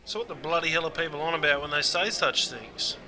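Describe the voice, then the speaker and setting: A man's voice: fairly high pitch, lively intonation, fairly quick, bright, forceful tone, slight background noise, poor audio. A man with an Australian accent hosting a comedy sketch, blustering and mock-indignant, swearing freely as he explains slang. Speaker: comic host explaining slang.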